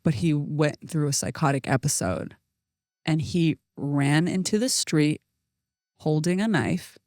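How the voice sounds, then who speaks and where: A young adult woman, a podcast co-host, telling a story in casual chat, animated and laughing often. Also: sits low, unhurried, no echo, studio quality. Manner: animated, laughs often, acts out quoted voices.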